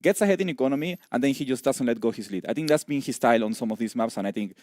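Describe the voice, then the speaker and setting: A man co-casting an esports match. He talks very fast and analytically, and his mid-pitched voice is recorded close and dry. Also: animated, a little mellow, dry recording. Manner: quick analytical talk with fillers. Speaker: esports co-caster. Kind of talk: esports commentary.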